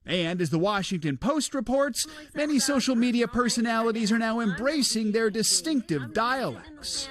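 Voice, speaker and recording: A male reporter narrating a light news feature in a lively, bouncy delivery. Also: very high-pitched, normal speed.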